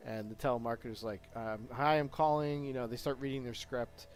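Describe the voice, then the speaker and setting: A man's voice: medium pitch, fairly even intonation, fairly quick, soft background music. A young man in a casual live stream chat, telling long stories with many fillers and bursts of laughter. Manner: rambling storyteller with lots of laughter and fillers.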